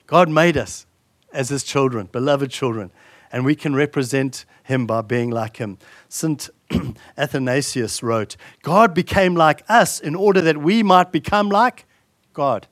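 A man preaching a sermon in an earnest style, building to emphatic repeated lines and dropping soft and slow for solemn points. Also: a little high, no echo, clean studio sound. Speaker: pastor.

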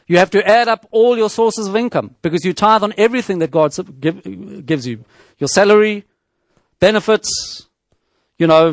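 A man delivers a sermon in a fairly high voice, working through his points in a measured teaching tone. He often restarts phrases and asks rhetorical questions. The sound is dry and close, with no room echo. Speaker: preacher.

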